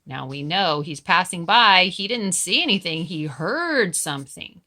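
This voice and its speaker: A woman teacher reading a storybook aloud to children, stopping to explain words in a gentle, encouraging way. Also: fairly low pitch, expressive, measured pace.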